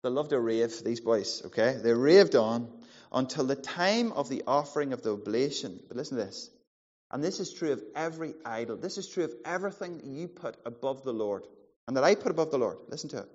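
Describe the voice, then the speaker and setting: A man in his forties preaching a sermon, animated and playful, acting out the voices in the story. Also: mid-range voice, fairly quick. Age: 40s. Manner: animated, playful, acts out quotes. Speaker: pastor. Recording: muffled sound in a large hall.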